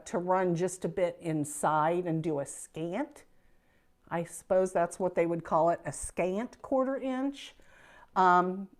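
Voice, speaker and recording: A middle-aged woman with a Midwestern American accent gives a casual, folksy quilting lesson from her sewing room. She's chatty and self-deprecating, with a voice on the low side and a darkish tone.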